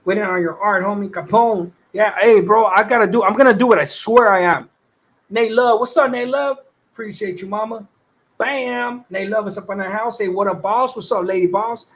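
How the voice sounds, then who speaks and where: A man's voice: high voice, normal speed, a bit bright. A man hosting a casual livestream, greeting viewers by name in laid-back slang with plenty of swearing. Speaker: livestream host.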